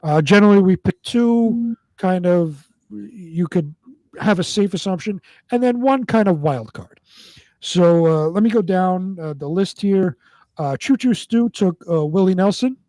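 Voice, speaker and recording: A man's voice: sits high, animated, a little slow, warm tone, dry recording. A man co-hosting a casual live-stream chat show, talking hesitantly with many fillers while reading out lists. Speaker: co-host.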